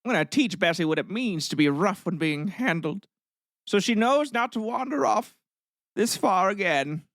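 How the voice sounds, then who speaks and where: A man's voice: high-pitched, fairly bright tone, dry recording, clean studio sound, pitched above the performer's own voice. A man doing a crude, pompous old-timey farmer. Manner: mock-formal, then vulgar and blustering.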